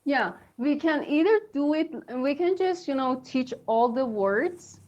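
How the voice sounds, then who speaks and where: Slow-talking woman teaching pronunciation. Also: high-pitched, animated, darkish tone, dull audio. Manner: chatty, encouraging, many fillers and laughs. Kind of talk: live online English lesson.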